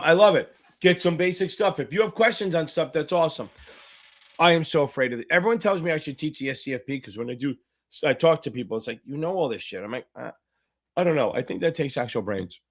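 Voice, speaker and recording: A man tutoring for a finance exam, hosting a livestream Q&A, loud and profane, hyping viewers up and answering chat questions. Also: a little high, expressive, brisk. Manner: loud, profane, hyped-up coaching.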